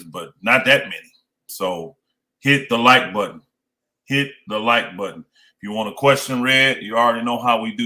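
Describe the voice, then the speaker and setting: A man's voice: medium pitch, pushed and bright. A man co-hosting a live sports talk stream, talking casually and emphatically, pressing viewers to like the stream. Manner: emphatic, urges viewers to hit like. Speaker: co-host.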